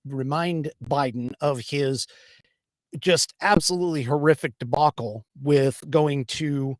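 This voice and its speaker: A man's voice: mid-range voice, no room sound, studio quality. A man from the United States hosting a livestream political podcast, talking casually and rambling with many fillers and restarts. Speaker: podcast host.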